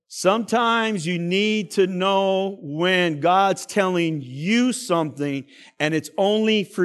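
A male pastor delivers a sermon in a high voice, taking his time over each phrase. He swings from loud, pressing emphasis to quiet, drawn-back asides.

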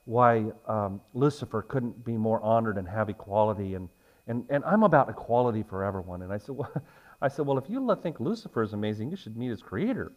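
A pastor preaching a sermon who swings between loud, emphatic points and a quieter, conversational storytelling voice. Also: male voice, fairly low pitch, lively intonation, brisk, highs cut off. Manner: rises to loud emphatic points, then drops to a soft storytelling tone.

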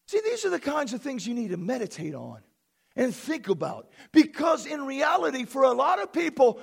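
A man preaching a fervent sermon from a church platform, bursting into shouts and exclamations. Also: extremely high pitch, big pitch swings, normal speed, gravelly. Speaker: pastor.

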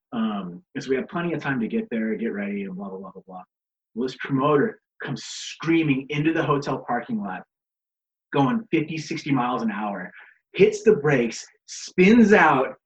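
Swearing man laughing thru his wrestling stories, dull lo-fi sound. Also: medium pitch. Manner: profane, laughing, acts out others' lines. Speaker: guest, pro wrestler. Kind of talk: casual storytelling.

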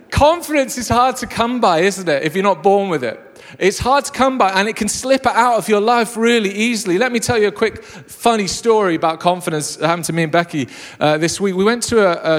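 Enthusiastic pastor in a reverberant hall. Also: male voice, high voice, animated, normal speed, a bit bright. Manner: enthusiastic, jokey storyteller. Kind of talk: live sermon. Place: church hall with a live congregation. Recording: long reverb of a large hall.

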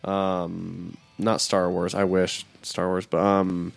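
A man co-hosting a casual podcast chat, enthusiastic and quick to laugh. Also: low-pitched, completely flat delivery, vocal fry, dry recording, soft background music.

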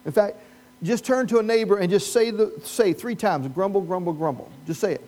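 A man with a notably high voice delivers a sermon as pastor. He preaches with animated humor, throwing questions to the congregation and riffing on the story. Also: moderate pace.

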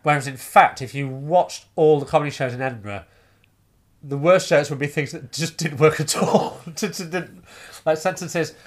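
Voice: mid-range voice, normal speed. A comedian telling stories in a casual chat, acting out the people in them. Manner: animated storyteller, acts out quoted voices, frequent restarts. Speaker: stand-up comedian.

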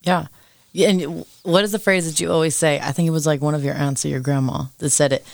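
A podcast co-host in a casual faith discussion who explains things thoughtfully and at length, with quick asides. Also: medium pitch, steady tone, creaky, no room sound, clean studio sound.

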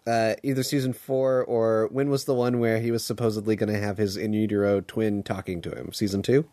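A man co-hosting a podcast, chatting casually and retelling scenes from a TV episode in a relaxed, deliberate way. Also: lowish voice. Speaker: podcast co-host. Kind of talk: casual chat recapping a TV episode.

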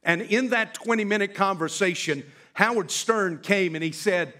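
A middle-aged male pastor telling a story in a sermon, slowing down and drawing out key words for emphasis. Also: high-pitched, bright, forceful tone.

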